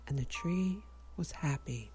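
Gentle woman storybook narrator, slow and mellow, faint music behind. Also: deep voice, expressive. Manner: gentle, measured, sometimes whispering. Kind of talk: children's story reading.

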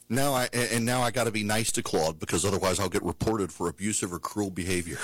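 A male talk host launching into an exasperated rant. His pitch swings up and down with great liveliness as he tells the story. The sound is close and dry, with no room echo. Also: normal speed, hardly any pauses. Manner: ranting, exasperated, animated storytelling. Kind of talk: opinionated monologue.

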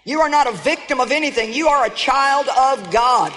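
A woman preaching a sermon with emphatic, animated delivery, often putting questions straight to her listeners. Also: high-pitched, moderate pace, noisy background. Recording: long hall reverb.

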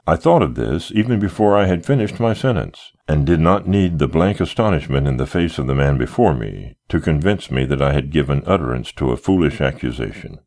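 A man reading a first-person literary story aloud with expressive storytelling. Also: extremely low pitch, brisk, few pauses. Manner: expressive storytelling, wide melodic swings. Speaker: audiobook narrator.

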